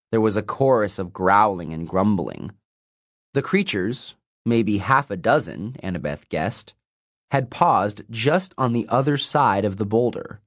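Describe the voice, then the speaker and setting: A man narrating a fantasy novel as an audiobook, in a measured storytelling manner. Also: lowish voice, no echo, studio quality. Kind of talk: scripted narration.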